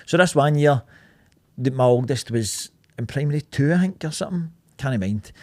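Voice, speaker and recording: A man with a Scottish accent, a podcast co-host, telling a story in animated, sweary casual chat. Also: mid-range voice, moderate pace, dry recording.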